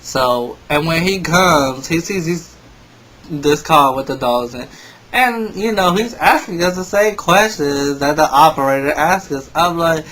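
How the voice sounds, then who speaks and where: A young man rants through a story for his vlog. He rambles, circles back and sounds exasperated. His voice sits a little high for a man. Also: measured pace, fairly bright tone, poor audio. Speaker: vlogger.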